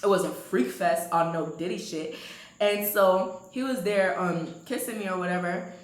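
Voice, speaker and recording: A young woman casually telling a storytime to her viewers, animated and laughing often. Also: moderate pace, echoey room, rough recording. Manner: animated, laughs often, swoops high when excited.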